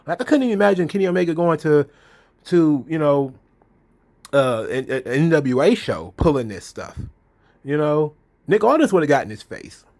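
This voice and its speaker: A man's voice: fairly high pitch, very animated, moderate pace, a little mellow. A man hosting a casual solo commentary, blunt and exasperated, swearing freely and acting out quotes. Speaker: wrestling commentary host.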